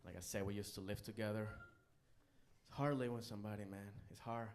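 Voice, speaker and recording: A man doing a live stand-up comedy set on a club stage, animated and bursting into loud character voices. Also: fairly low pitch, quick pace, background noise.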